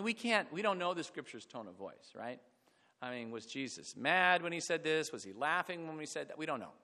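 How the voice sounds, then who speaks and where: A middle-aged man preaching a reflective sermon, falling to a hush on sad points. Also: a little high. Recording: long hall reverb.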